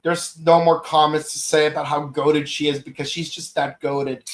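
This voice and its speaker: A man in his thirties hosting a podcast, gushing through an excited solo review with many fillers and exclamations. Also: fairly high pitch, moderate pace, a little hiss or hum. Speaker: podcast host reviewing an episode.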